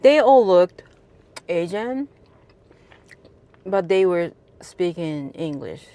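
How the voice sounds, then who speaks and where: A woman's voice: fairly low pitch, big pitch swings, slow, mellow. A woman from Japan, a cab driver, telling a casual story with many fillers and restarts.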